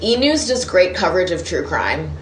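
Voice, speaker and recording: A woman's voice: lowish voice, big pitch swings, normal speed. A woman co-hosting a podcast in casual, playful and teasing chat. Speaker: podcast co-host. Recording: roomy echo, faint background noise.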